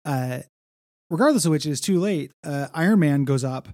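A man's voice: on the high side, animated, moderate pace, a little mellow, no room sound, clean studio sound. A man co-hosting a casual comic book podcast, talking in a laid-back, rambling way with many fillers. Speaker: podcast co-host.

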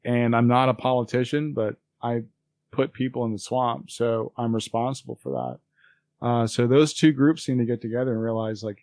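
A man's voice: mid-range voice, fairly even intonation, moderate pace, a little mellow, no echo. A man co-hosting a podcast in a loose, rambling way, with lots of fillers. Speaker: podcast co-host. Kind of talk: casual chat.

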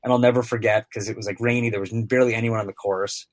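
A man's voice: fairly low pitch, steady tone, very fast, no echo. Chatty man telling a rambling story. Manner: rambling, many filler words. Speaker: guest, sports broadcaster. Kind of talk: casual podcast storytelling.

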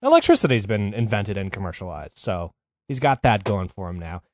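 A man's voice: lowish voice, very animated, a little fast, darkish tone, dry recording, studio quality. A man hosting a podcast, telling a history story in a loose, profane, rambling way with lots of fillers. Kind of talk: casual comedic storytelling.

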